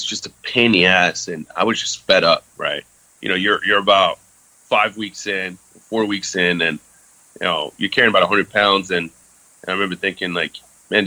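A man who served in the Army tells his story openly as an interview guest, cursing now and then and leaning on fillers throughout. His low voice comes across bright and forceful, on a low-quality recording without room sound.

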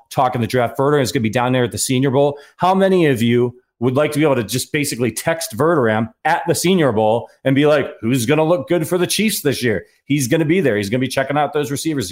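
An earnest man hosts a sports podcast in casual chat, rambling on and circling back with restarts. His pitch sits in a middle range for a man. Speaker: podcast host.

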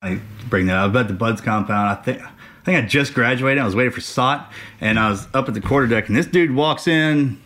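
A man co-hosting a podcast, telling animated war stories with frequent laughs and acted-out quotes. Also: mid-range voice, a little fast. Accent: Texan. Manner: animated storyteller, laughs often, acts out quotes. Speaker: podcast co-host. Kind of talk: casual storytelling chat.

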